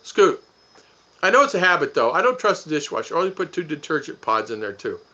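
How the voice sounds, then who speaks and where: A man's voice: on the high side, sing-song, a little fast, bright, forceful tone. A middle-aged man hosting a casual live stream, chuckling and rambling as he reads comments and thanks viewers by name. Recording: dull lo-fi stream audio.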